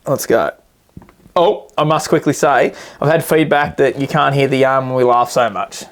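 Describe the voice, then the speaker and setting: Sweary Australian podcast host. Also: male voice, mid-range voice, normal speed. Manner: swears freely, chatty. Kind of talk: casual podcast chat.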